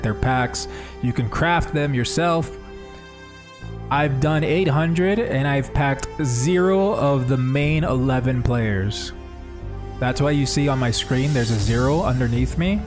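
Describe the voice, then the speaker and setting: Enthusiastic male gaming streamer, slow delivery. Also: mid-range voice. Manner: enthusiastic, casual, talks to chat. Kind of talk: live gameplay commentary.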